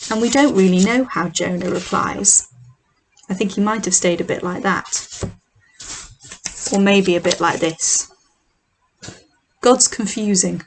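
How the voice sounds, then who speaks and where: Slow, expressive woman telling a children's Bible story. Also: medium pitch, a little hiss or hum, rough recording. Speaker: children's church leader.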